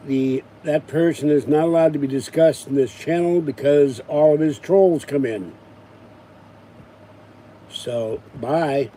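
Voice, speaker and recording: A man's voice: on the high side, slow, warm tone, a little hiss or hum, rough recording. A man vlogging at home, chatting casually in a rambling way with wry asides. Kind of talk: casual chat.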